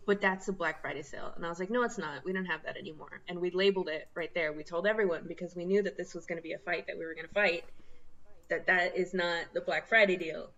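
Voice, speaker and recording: A young woman co-hosting a podcast, casually telling retail stories with lively acted-out quotes and frequent laughter. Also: on the low side, highs cut off. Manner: animated storytelling, acts out quoted voices, laughs often. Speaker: podcast co-host.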